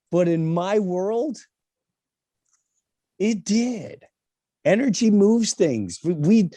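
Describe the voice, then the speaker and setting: Middle-aged man, warm tone, candid storyteller, emphatic, mimics others, close dry sound. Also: high-pitched, no echo. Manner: animated, acts out quoted voices, emphatic asides. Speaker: speaker telling a personal story.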